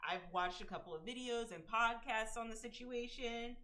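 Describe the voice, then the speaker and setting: A woman's voice: on the high side, normal speed, sharp tone. A young adult woman streaming, chatting casually through gossip and commentary, with slangy asides and bursts of laughter.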